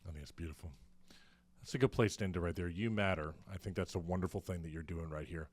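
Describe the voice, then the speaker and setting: A man hosting an interview, speaking calmly with filler ums as he closes the talk. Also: low voice, fast, no room sound. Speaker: podcast host. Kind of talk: interview wrap-up.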